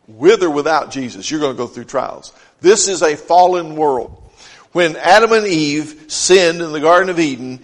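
Man preaching a sermon, fairly high voice, short repeated phrases, long church reverb. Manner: reads scripture aloud, then drives each point home in short repeated phrases. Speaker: pastor.

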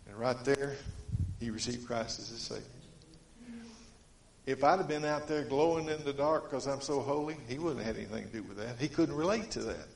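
Folksy preacher in an echoey room. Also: male voice, mid-range voice, brisk, a little hiss or hum. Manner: folksy storytelling preaching, swings between emphatic and quiet. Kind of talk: sermon.

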